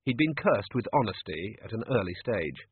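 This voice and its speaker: A man narrating an audiobook in a measured, dry storytelling manner. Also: fairly low pitch, big pitch swings, breathy edge, dry recording. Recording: tinny phone-like dry audio.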